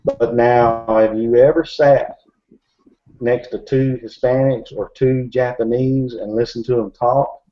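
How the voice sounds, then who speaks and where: A medium-pitched, steady-toned man speaks a little slowly while casually chatting in a group discussion as a Bigfoot researcher. His talk rambles with lots of fillers and restarts, and the audio is dull and lo-fi.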